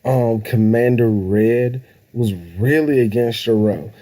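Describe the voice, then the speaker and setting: A man's voice: mid-range voice, takes it slowly. A man co-hosting a live podcast, joking loosely and slipping into goofy voices. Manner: animated, laughing, slips into goofy character voices. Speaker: podcast co-host. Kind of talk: casual live podcast banter.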